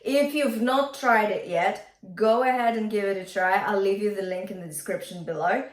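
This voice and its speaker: A woman's voice: mid-range voice, moderate pace, roomy sound. A woman vocal coach teaching a singing lesson, upbeat and encouraging, often checking in with her students.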